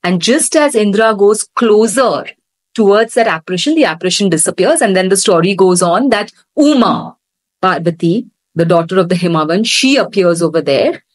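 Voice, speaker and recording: A woman instructor retelling a scripture story in an animated storytelling manner during a lesson. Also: medium pitch, dry recording, low-quality recording.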